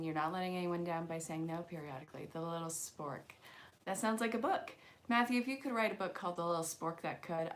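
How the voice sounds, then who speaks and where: Host, woman, live card-reading stream; encouraging spiritual talk, banters with the chat, faint hiss behind. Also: lowish voice. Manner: chatty, jokes with viewers' comments. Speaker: angel card reader, channel host.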